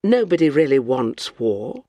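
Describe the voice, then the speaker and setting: A reader voicing a proper middle-aged Englishwoman who sounds earnest and incredulous. The tone has a creaky, gravelly grain. It is recorded close in a dry space. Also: mid-range voice, very animated, a little slow, warm tone, dry recording, pitched below the performer's own voice.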